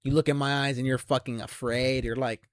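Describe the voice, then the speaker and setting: A young man ranting to camera in an aggressive, taunting, heavily profane monologue that swells into shouts. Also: medium pitch, flat delivery, a little fast, dry recording, clean studio sound. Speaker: channel host.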